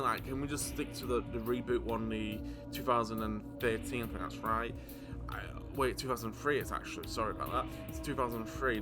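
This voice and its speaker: A man ranting casually about horror movies, stammering and swearing, exasperated. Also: mid-range voice.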